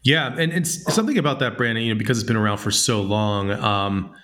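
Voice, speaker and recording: A man's voice: fairly low pitch, brisk, fairly bright tone. A man with a Southern US accent hosting a casual interview, rambling with many fillers and frequent laughs. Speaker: podcast host.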